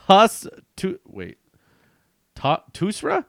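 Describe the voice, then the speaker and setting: A man's voice: mid-range voice, lively intonation, moderate pace, no echo, clean studio sound. A young man reading his childhood comic aloud as a vlogger, with self-mocking, amused asides.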